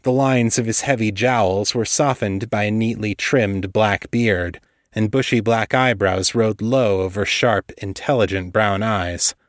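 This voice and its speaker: A man narrates a story in a steady, measured manner. His voice sits low and the recording is dry and close, with no room sound. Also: no room sound. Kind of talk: scripted narration.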